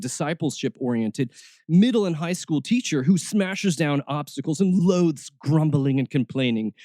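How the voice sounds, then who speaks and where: A man hosts his podcast with a snarky, mocking edge, reading aloud and chuckling at his own jokes. His voice sits a little high for a man and swings widely in pitch. The sound is dry and close, with no room around it. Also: warm tone, no echo. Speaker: podcast host. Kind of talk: sarcastic commentary reading a job ad aloud.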